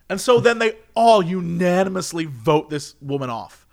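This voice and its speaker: High-voiced, animated man. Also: measured pace, gravelly. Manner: animated storyteller who acts out quotes. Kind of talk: casual chat.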